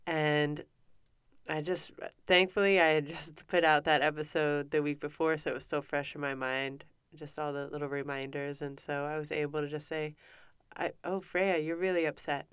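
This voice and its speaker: A woman in her thirties hosting a podcast, telling a family story in a casual, animated way. Her voice is low and very smooth, and she often restarts her sentences. The sound is close and dry, with no room echo. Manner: animated, breathless retelling with many restarts and acted quotes. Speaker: podcast host.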